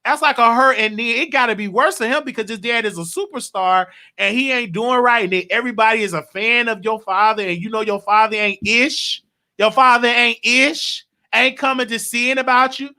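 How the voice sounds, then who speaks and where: A young man in his late twenties hosts a casual gossip show with a high, sharp, bright voice. He rambles and gets openly emotional, going on and on in an unpolished, heartfelt way. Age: late 20s. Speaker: show host.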